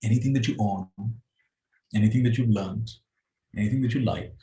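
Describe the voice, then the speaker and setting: Male meditation teacher: low, dark, gravelly voice; gentle, chuckling storyteller. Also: fairly quick, low-quality recording. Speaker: spiritual teacher. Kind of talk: dharma talk.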